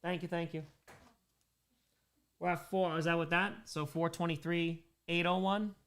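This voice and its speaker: A man's voice: a little high, little pitch movement, unhurried, a bit bright. A man hosting a charity livestream, reading out donations and bantering with chat, sometimes in character as a made-up persona.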